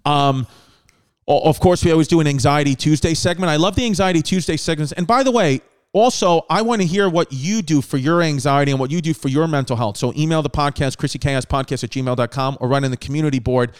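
A man's voice: a little high, fast talker, clean tone. A man hosting a comedy podcast, rambling casually with lots of fillers and swearing. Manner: rambling, profane, filler-heavy. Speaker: podcast host.

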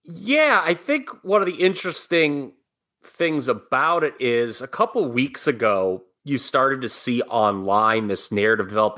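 A man's voice: medium pitch, lively intonation, measured pace, pushed and bright. A middle-aged man co-hosting a podcast, chatting casually and giving opinions with jokey asides. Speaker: podcast co-host. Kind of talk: casual wrestling talk.

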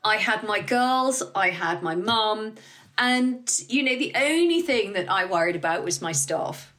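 A middle-aged woman, a business founder guesting on an interview, talking candidly and lively and swearing freely. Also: medium pitch, a little slow. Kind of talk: casual interview talk.

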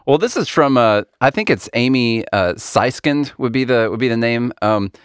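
A man's voice: medium pitch, lively intonation, normal speed, smooth, dry recording, clean studio sound. A man co-hosting a casual political podcast, laughing often and reading an article aloud to his co-hosts. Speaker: podcast co-host.

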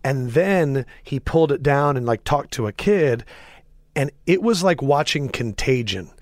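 A man's voice: medium pitch, lively intonation, darkish tone, no echo. A man hosting a podcast in a studio, chatting eagerly and chiming in often. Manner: eager, chatty, quick to chime in. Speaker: podcast host. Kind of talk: casual chat.

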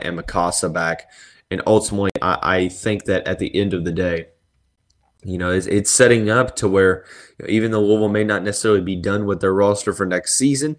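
A man with a very low voice hosts a solo sports podcast, breaking down basketball news at length. He rambles, circles back and fills gaps with "you know" and "um" as he works through his points. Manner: rambling, many fillers and restarts. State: yawning and sneezing.

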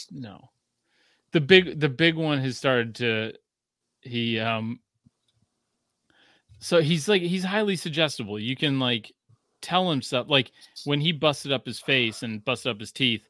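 A man's voice: mid-range voice, dry recording, studio quality. A man in his thirties, a podcast host, reading a listener review aloud and joking in casual chat. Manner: joking, profane, animated.

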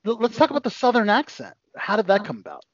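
A man hosting an interview, upbeat and quick with questions and reactions. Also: high voice, very animated, dry recording, muffled recording. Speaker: interview host. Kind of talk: casual interview chat.

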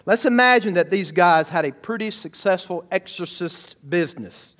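A man preaching from the pulpit in a high, lively voice. He swings from quiet asides to sudden loud bursts, addressing the congregation directly. His delivery is animated and conversational. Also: normal speed. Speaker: pastor. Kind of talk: sermon.

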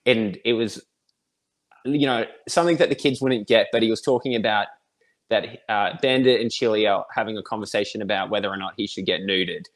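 Chatty Australian man in a relaxed interview. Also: fairly low pitch, brisk. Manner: rambling, friendly, chuckles often. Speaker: guest. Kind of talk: casual interview chat.

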